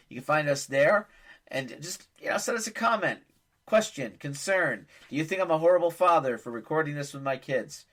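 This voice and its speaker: A man's voice: fairly high pitch, normal speed, a bit bright. A man in his forties hosting a casual family podcast, a rambling joke-telling dad who pokes fun at himself. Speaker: podcast host and father.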